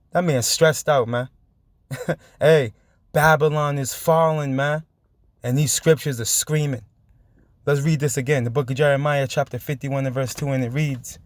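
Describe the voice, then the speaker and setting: A man teaching scripture, reading verses slowly and breaking in with casual remarks, often adding "man". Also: on the high side, dry recording, clean studio sound. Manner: reads verses slowly, asks "right?" after each; casual, keeps saying "man". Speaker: preacher.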